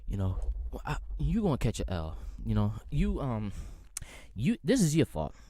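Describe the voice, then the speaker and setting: A man's voice: medium pitch, no room sound. A young man hosting a podcast, delivering a heated, profane music rant with exasperated energy. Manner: animated, profane, exasperated ranting. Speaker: podcast host.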